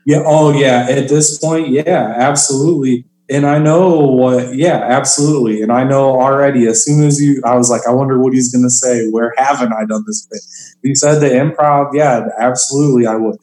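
A man's voice: medium pitch, fairly even intonation, moderate pace, a little mellow. Chatty comedian man in a roomy space. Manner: chatty, fills with "like" and "you know". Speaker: stand-up comedian guest. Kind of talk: casual podcast conversation.

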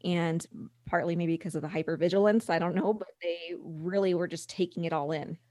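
A middle-aged woman speaking candidly as a guest, halting and restarting, sometimes acting out what others said. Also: on the low side, fairly even intonation, dark tone, no room sound, studio quality. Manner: candid, halting with restarts, acts out quoted voices. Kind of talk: conversational podcast interview.

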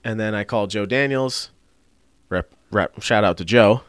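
A man with a lowish voice recounts a run-in in loose, profane talk. He slips into other people's voices as he tells it, his pitch jumping up and down. The sound is dry and close. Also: normal speed, clear, resonant tone, dry recording. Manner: animated storytelling, swearing, acting out quoted voices. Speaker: body shop worker telling a story. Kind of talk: casual podcast chat.

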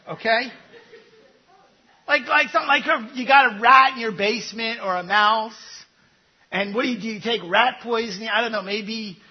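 A man's voice: very high voice, breathy edge, highs cut off. A man preaching a sermon, conversational, throwing rhetorical questions at his congregation. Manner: conversational with asides. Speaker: pastor.

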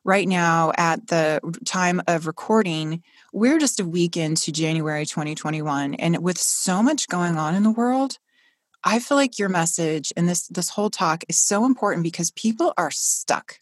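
A woman's voice: fairly low pitch, normal speed, no echo, studio quality. A woman hosting a faith-based podcast, talking in a fervent, encouraging, almost preaching way. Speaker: podcast host.

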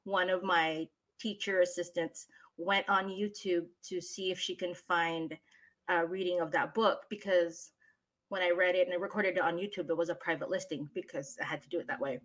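Bright-voiced woman telling classroom stories. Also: on the low side, normal speed. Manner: animated storyteller, expressive. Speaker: guest, voice talent, former teacher. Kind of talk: casual interview chat.

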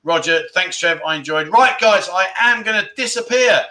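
A man's voice: high-pitched, lively intonation, moderate pace, bright, forceful tone. A man hosting a casual livestream chat, effusive and chatty as he keeps thanking his viewers. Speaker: livestream host.

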